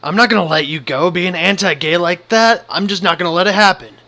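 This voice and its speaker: A man's voice: high voice, brisk, sharp tone. A man voicing a big, angry man who confronts someone and keeps accusing them. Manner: accusing, pushy.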